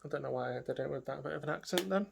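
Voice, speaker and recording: Gravelly-voiced woman chatting through her makeup. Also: very deep voice, racing. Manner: chatty, talks to herself while working, trails off into murmurs. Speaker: beauty vlogger. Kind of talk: casual makeup tutorial.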